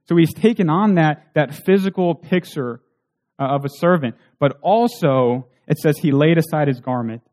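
A man's voice: a little high, normal speed, a little mellow. A man preaching a sermon in an earnest way, asking rhetorical questions.

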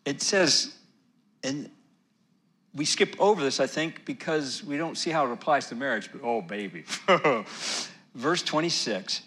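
Middle-aged man, pastor, bright tone, sermon delivery rising to loud emphasis then dropping to a hush. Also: on the high side, a little slow. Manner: animated preaching, swings from loud emphasis to near-whisper.

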